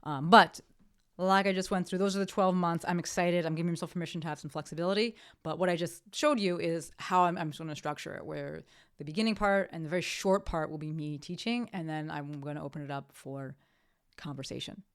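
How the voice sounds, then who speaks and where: Low-voiced woman hosting a podcast, casual and chatty, smooth tone, stops and fixes herself a lot. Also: brisk, no room sound, clean studio sound. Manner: chatty, self-correcting, upbeat sign-off. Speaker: podcast host. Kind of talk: casual solo podcast talk.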